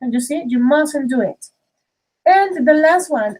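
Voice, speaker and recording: A woman's voice: sits high, animated, moderate pace, a little mellow, low-quality recording. A woman teaching English in an online class over a video call, explaining grammar affectionately and calling students dears. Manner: affectionate, calls students dears and babies, mixes in Spanish.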